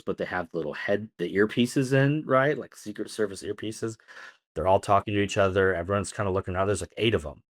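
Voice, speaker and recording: A man co-hosting a podcast, telling a long story casually with many fillers. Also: fairly low pitch. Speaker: podcast co-host.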